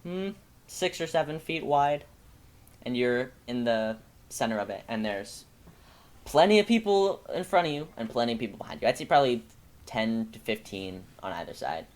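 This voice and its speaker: A man narrating as game master of a tabletop game, halting and full of restarts. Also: medium pitch, expressive.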